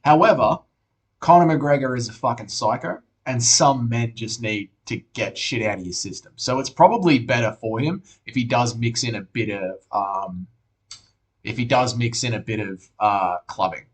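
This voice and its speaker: A man's voice: medium pitch, normal speed. A young Australian man hosting a casual live stream, reading viewers' messages aloud, swearing often and calling everyone mate. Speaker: streamer host reading chat.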